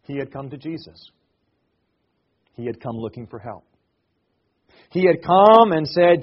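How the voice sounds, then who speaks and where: A middle-aged male pastor preaching a sermon, rising to loud emphatic declarations and dropping to soft, hushed reflection. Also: fairly high pitch, sing-song, slow, pauses often, breathy edge, lo-fi sound.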